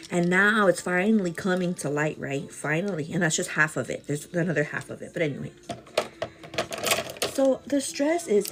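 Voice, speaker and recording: A woman chatting casually with her livestream viewers over breakfast at home, animated and calling them "girl". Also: on the low side. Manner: greets viewers by name mid-story. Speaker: livestream host. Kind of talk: casual chat while eating breakfast.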